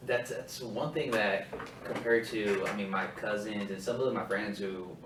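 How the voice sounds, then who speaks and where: A man with a low voice hosts a casual podcast, blunt and loose in how he talks. He sits a bit back from the mic in an echoey room, with a faint hiss underneath. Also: unhurried, distant mic. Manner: casual, blunt, swears freely. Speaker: podcast host, army veteran.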